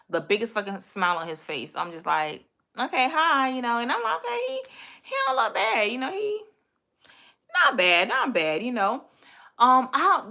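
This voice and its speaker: A young woman telling a date story in a casual storytime vlog, profane and animated, acting out her own thoughts. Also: mid-range voice.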